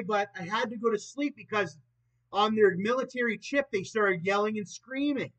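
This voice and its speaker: A man in his late twenties vlogging in a rambling, profane monologue that swings between loud and soft. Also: high voice, moderate pace. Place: old property in the countryside. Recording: dull lo-fi recording.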